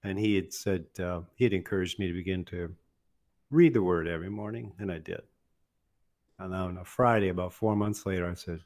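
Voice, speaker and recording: Older guy telling a story, lowish voice, keeps laughing at himself, does the other guys' lines. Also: fairly quick, darkish tone. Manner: laughs often while telling, acts out quoted voices. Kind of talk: animated personal storytelling.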